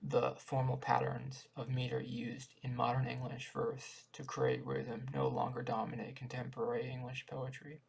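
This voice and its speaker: A man reading a lesson text aloud, halting at times and restarting words. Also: medium pitch, creaky, low-quality recording. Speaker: channel host explaining poetry.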